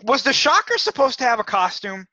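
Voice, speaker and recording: A man's voice: very high voice, very animated, brisk, bright, forceful tone, dry recording. A man co-hosting a casual movie chat, hesitant and stammering, often repeating words. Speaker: co-host. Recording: dry, dull lo-fi recording.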